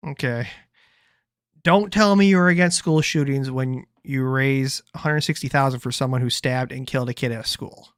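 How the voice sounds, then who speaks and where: A man's voice: medium pitch, normal speed, smooth, no echo, studio quality. A man streaming casual commentary on video clips, loose and profane, rambling through his reactions.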